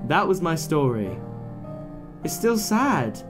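A young man hosting a relaxed gaming video, chatting in a playful, mock-dramatic way. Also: a little high, slow pace. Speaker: gaming channel host. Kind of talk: relaxed let's-play commentary. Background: faint game music.

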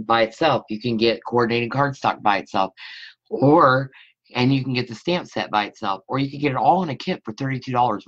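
A woman with a very deep voice hosts a casual live scrapbooking stream from her home craft room, chatting with viewers between steps in an easy, friendly running commentary as she works. The recording sounds dull and lo-fi.

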